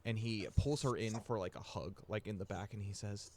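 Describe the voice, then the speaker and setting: A man running a tabletop game as game master, narrating scenes in a hesitant way with frequent pauses and restarts. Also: on the low side, fairly even intonation, a little mellow, a little hiss or hum. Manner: hesitant, many fillers and restarts while describing.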